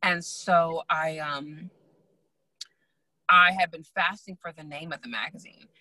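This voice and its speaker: A young adult woman, a guest and magazine founder, telling her story in a lively way, acting out quoted voices and laughing often. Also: low voice, measured pace, no echo, poor audio. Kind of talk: animated storytelling in casual chat.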